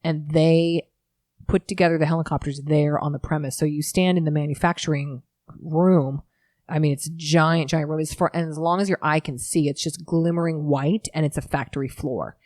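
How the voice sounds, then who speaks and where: Thirties woman, low register, dry close recording, animated self-deprecating storyteller. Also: dry recording. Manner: lively storyteller, quick and self-mocking. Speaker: guest, startup founder. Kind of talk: casual interview chat.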